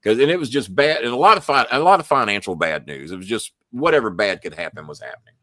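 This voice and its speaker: A man's voice: lowish voice, animated, fast talker, a bit bright, dry recording, clean studio sound. A middle-aged man, hosting a casual show and telling blunt stories full of swearing. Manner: blunt, heavy swearing, storytelling. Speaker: show host. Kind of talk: casual live-show chat.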